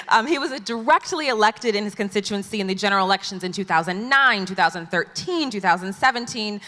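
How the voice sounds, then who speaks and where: A woman's voice: mid-range voice, pushed and bright. A woman moderating a conference panel, introducing the guests in a chatty, playful way. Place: large conference hall stage. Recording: long hall reverb.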